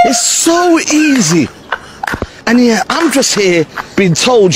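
A man's voice: very high voice, big pitch swings, slow, very noisy. A man ranting outdoors as a football fan. He talks in exasperated bursts and uses a lot of slang. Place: outdoors in the rain.

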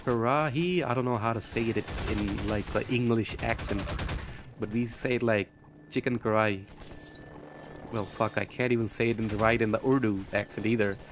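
A man's voice: on the low side, level tone, a little fast, background noise. A young man from Pakistan, chatting casually and rambling on a live stream while gaming, swearing and joking often. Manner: rambling, profane, jokey, laughs often.

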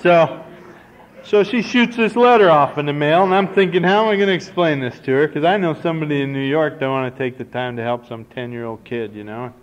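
A man's voice: on the high side, fairly quick. Folksy man on an old, dull tape. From Nebraska, United States. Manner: folksy, self-deprecating storyteller. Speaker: recovery meeting speaker. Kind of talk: personal story talk to a meeting. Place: conference hall. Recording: dull, slightly hissy old cassette tape.

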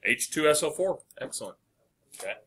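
Male chemistry teacher, bright tone, quizzes the class and praises answers. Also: a little high, sing-song, brisk, a little hiss or hum. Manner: asks questions and answers them himself, encouraging. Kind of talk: classroom lecture.

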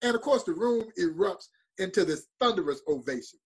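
A man's voice: high voice, expressive, fairly quick, gravelly, breathy edge. A middle-aged man, a museum president, telling an emotional story in an interview with earnest intensity. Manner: earnest, building to emotional peaks.

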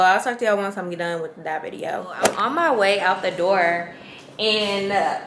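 A woman's voice: mid-range voice, a bit bright, a little hiss or hum. A woman in her twenties vlogging casually to camera, chatty and slangy, talking straight to her viewers. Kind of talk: casual vlog chat to camera.

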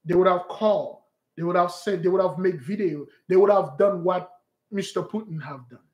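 A man's voice: high voice, normal speed, darkish tone, muffled recording. A man hosting a livestream, talking in an emphatic, preachy way and repeating his points. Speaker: online show host. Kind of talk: livestream commentary.

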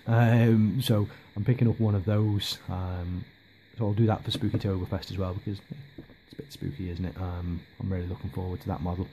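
A man's voice: low voice, fairly even intonation, brisk, hardly any pauses, dark tone, a little hiss or hum. A man giving a casual, rambling hobby update, hesitant with lots of ums and restarts. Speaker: miniature hobby vlogger.

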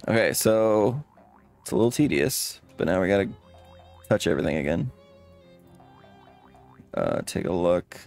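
A man's voice: low voice, expressive, unhurried, vocal fry, long pauses, darkish tone, soft background music. A man casually commenting while playing a comedy game, reading the on-screen text aloud as he goes. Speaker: let's play host.

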